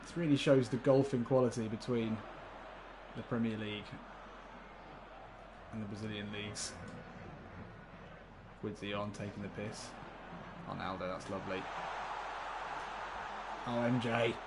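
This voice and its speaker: A man's voice: fairly low pitch, fairly even intonation, measured pace, long pauses, background noise. A man commenting live on a football video game, chatty and laughing often, swearing casually and talking to his viewers. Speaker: gaming livestreamer.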